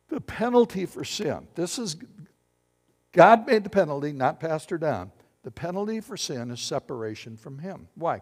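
A man preaching a sermon as pastor, animated and joking with his congregation. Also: on the high side. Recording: long hall reverb.

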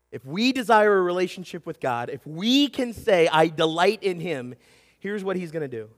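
Here a man in his thirties, a pastor, preaches at a normal speed in a fairly high voice. His energetic storytelling includes acted-out shouts and whispers plus frequent "right?" questions to the congregation, and the recording carries long hall reverb.

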